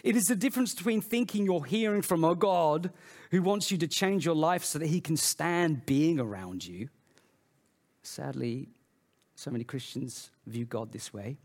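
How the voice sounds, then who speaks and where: High-voiced animated preacher, man. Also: moderate pace. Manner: animated preaching with sudden loud and soft swings. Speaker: pastor. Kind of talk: sermon.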